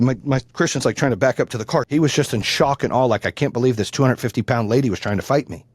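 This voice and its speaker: A man's voice: medium pitch, racing, hardly any pauses. A man hosting a podcast, telling stories in casual, profane chat and acting out the people he quotes. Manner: profane, animated, acts out quoted voices. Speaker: podcast host. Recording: loud background noise.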